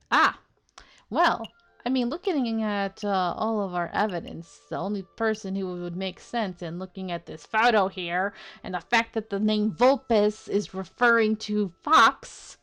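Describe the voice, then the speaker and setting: A woman hosting a game playthrough, tossing out casual, playful commentary between the lines she reads. Her voice is at an average pitch, and she is quick to break into giggles. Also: soft background music. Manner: playful, giggly, lively asides. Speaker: let's play host.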